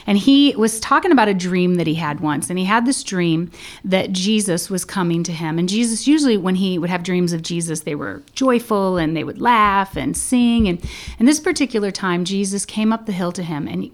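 Animated woman leading a faith chat. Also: lowish voice, moderate pace. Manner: animated storyteller, leads the discussion with questions. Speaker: podcast co-host.

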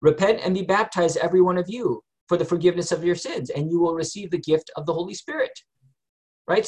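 A man's voice: sits high, a bit bright. A man leading a group Bible study in a conversational way, often asking the group questions and using many fillers.

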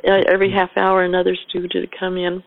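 An older woman, a bereaved mother, recalling her past in a measured storytelling voice, quoting herself and others as she goes. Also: lowish voice, completely flat delivery, gravelly, dry recording, phone-quality sound. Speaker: interviewee, mother of a murder victim. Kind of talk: personal recollection.

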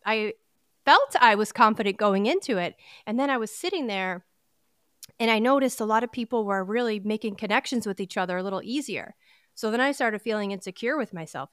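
Smooth-voiced woman, candid podcast host. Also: mid-range voice, fairly bright tone, no room sound, studio quality. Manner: earnest, candid, encouraging, with quick restarts. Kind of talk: personal motivational podcast talk.

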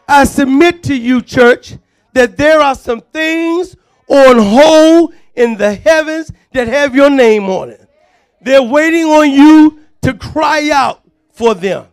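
High-voiced fervent male preacher. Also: lively intonation, slow pace, soft background music. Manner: fervent call-and-response preaching, often shouting. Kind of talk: sermon.

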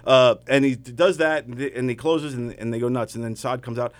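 A man's voice: mid-range voice, fairly even intonation, fairly quick. A man, a comedian, chatting casually, laughing often and trailing off mid-sentence. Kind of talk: casual chat with storytelling.

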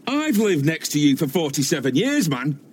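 A man's voice: on the high side, sing-song, moderate pace, slight background noise. An actor playing an angry, blunt male farmer who feuds with his neighbours in a sitcom. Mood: belligerent. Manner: blunt, belligerent. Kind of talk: sitcom acting.

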